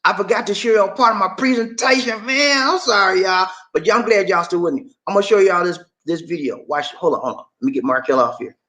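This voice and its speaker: A man's voice: high-pitched, fast talker, hardly any pauses, bright, forceful tone, poor audio. A man hosting a casual livestream, chatting to his viewers and calling them y'all. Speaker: livestream host.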